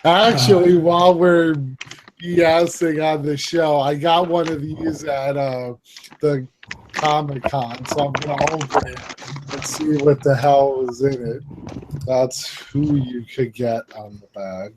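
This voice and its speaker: A man's voice: a little high, fairly even intonation, a little slow, background noise. A man co-hosting a collectors' chat, unboxing a statue in easygoing casual talk.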